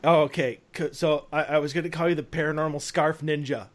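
A man hosting a casual interview, hesitant, stammering and quick to laugh. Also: fairly high pitch, fairly even intonation. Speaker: podcast host.

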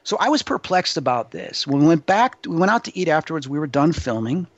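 Guy telling a wild story, animated and emphatic, kinda high voice, dry dull lo-fi audio. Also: a little fast, dry recording. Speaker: psychic medium guest. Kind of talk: storytelling interview answer.

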